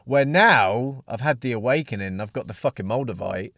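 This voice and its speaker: A man's voice: medium pitch, expressive, a little fast, a bit bright, dry recording. A young man hosting a podcast, telling a rambling, sweary story in casual chat. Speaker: podcast host.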